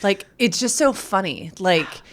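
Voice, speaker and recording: A woman's voice: medium pitch, expressive, unhurried. A woman co-hosting a podcast, reacting and riffing in casual chat. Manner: chatty, reacts and riffs on the story. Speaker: podcast co-host.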